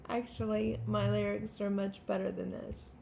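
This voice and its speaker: A woman's voice: mid-range voice, gravelly, a little mellow, slight background noise. A woman in her fifties, a songwriter hosting her own channel, talking unscripted to the camera in a nervous, stammering, self-deprecating way. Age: 50s.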